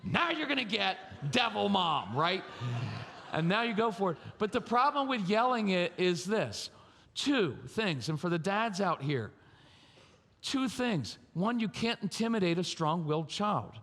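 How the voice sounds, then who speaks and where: A man giving a parenting talk at a live conference, animated and theatrical, acting out scenes and quizzing the audience. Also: sits high, measured pace. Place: large church conference hall. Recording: long hall reverb from a live venue.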